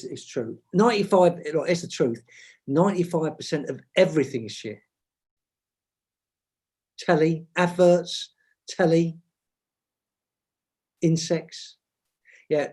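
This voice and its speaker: A man's voice: fairly high pitch, dark tone, husky. A man, a guest author from advertising, chatting and reading from his book with rambling, self-mocking asides.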